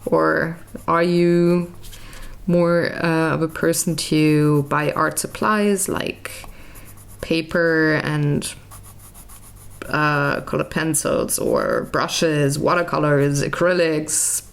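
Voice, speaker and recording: A woman's voice: low-pitched, steady tone, extremely slow, creaky, smooth. A woman chatting casually while she colours, rambling and searching aloud for words, with self-mocking asides. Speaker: colouring vlogger.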